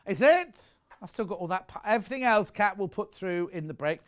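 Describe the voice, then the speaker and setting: Casual: british man on shopping tv, pretty high pitched, just chatting away between prices. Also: animated, a little fast. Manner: chatty, rambling, reads out viewer messages. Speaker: shopping channel presenter. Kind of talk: live TV shopping presentation.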